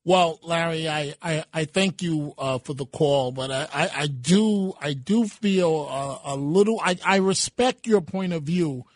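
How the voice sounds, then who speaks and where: A man's voice: a little high, unhurried, hardly any pauses, no echo. A man hosting a talk radio show from the studio, talking in a rambling, hesitant way full of restarts.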